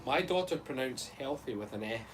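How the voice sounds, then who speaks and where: Animated, sweary Scottish man. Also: medium pitch, a little fast, background noise. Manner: sweary, playful, animated storytelling. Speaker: co-host. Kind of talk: casual live chat.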